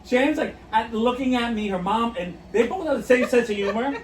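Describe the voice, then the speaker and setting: A podcast co-host with a very high voice, talking a little fast, tells stories in casual chat and giggles through them often. The recording has roomy echo, a distant mic, and faint noise.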